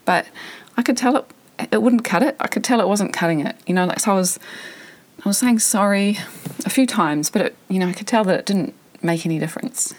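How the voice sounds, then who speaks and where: A woman's voice: medium pitch, brisk. A woman in her thirties hosting a podcast, talking frankly and reflectively as she thinks aloud. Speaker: podcast host. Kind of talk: candid personal monologue.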